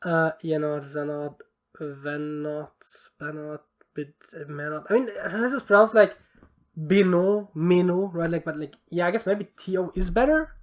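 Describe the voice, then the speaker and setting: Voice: mid-range voice, steady tone, moderate pace. A podcast co-host in casual chat, rambling and thinking aloud through word guesses, with plenty of fillers and some swearing.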